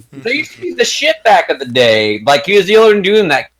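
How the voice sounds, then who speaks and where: A man's voice: high voice, wildly swooping pitch, brisk. A man chatting casually as a livestream guest, laid-back and swearing freely. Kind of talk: casual chat.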